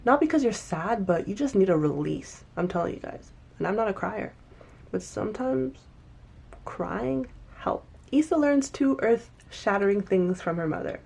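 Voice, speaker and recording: A woman casually recapping and reviewing a TV episode, animated and emphatic, often restarting sentences. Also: mid-range voice, normal speed, creaky, husky.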